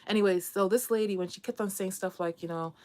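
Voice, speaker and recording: A woman's voice: medium pitch, fast talker, warm tone. A middle-aged woman vlogging casually to camera, talking candidly and rambling with frequent restarts.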